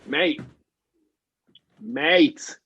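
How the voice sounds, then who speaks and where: A man's voice: on the high side, expressive, drawn-out words, creaky, a bit bright, slightly rough, lo-fi sound. A man co-hosting a podcast who teases his co-host, laughs a lot and keeps calling him mate. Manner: teasing, laughs a lot, calls people mate. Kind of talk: casual chat.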